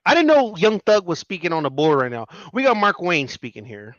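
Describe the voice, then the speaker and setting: A man hosting a casual political commentary show, reacting to clips in an animated, mocking way. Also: high voice, normal speed, no room sound, dull audio.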